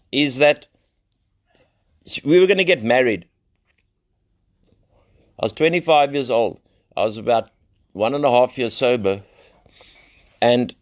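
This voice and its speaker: A middle-aged man with a South African accent tells recovery stories in a live share. He talks bluntly and rambles, with streetwise slang and the odd curse. His voice sits at an ordinary middle pitch. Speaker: addiction recovery center founder.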